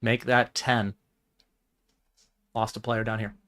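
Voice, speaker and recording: A man's voice: fairly low pitch, flat delivery, slow, a bit bright. A man streaming his poker game, thinking aloud in a casual, wry, muttering way. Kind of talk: casual live-stream commentary.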